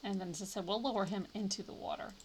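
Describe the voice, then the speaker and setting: A woman's voice: medium pitch, quick pace, a little hiss or hum. A woman streaming a game live, chatting casually and thinking aloud with sudden playful exclamations. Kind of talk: casual live gameplay commentary.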